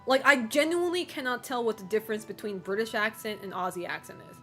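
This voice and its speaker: A woman's voice: a little high, quick pace, fairly bright tone, faint music behind. A woman streamer chatting casually with her viewers, rambling with lots of fillers and giggling often.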